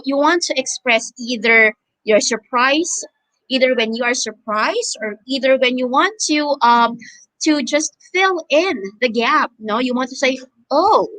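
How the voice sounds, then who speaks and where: A woman's voice: sits high, a bit bright. A woman with a Filipino accent teaching an online phonics lesson, stretching out each word for learners to repeat after her. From Philippines. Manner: drawn-out, repeating words for learners to echo.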